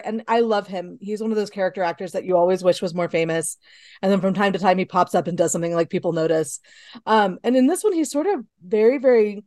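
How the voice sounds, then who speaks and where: A woman's voice: mid-range voice, a little mellow, no room sound, studio quality. A woman co-hosting a podcast, chatting casually about movies, with frequent laughs and fillers. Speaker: podcast co-host.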